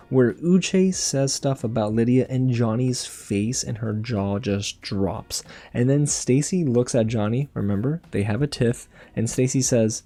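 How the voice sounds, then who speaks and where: Mellow-voiced gossipy male recap host. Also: mid-range voice. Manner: animated, gossipy, laughs often. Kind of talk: casual review monologue.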